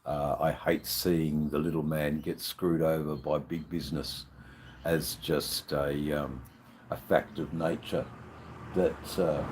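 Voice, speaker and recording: Australian male streamer, slightly drunk, slow and rambling, swears freely, deep voice. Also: flat delivery, a little mellow, a little hiss or hum. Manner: rambling, swearing, answering chat comments. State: a bit tipsy. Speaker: livestream host. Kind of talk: casual live-stream chat with viewers.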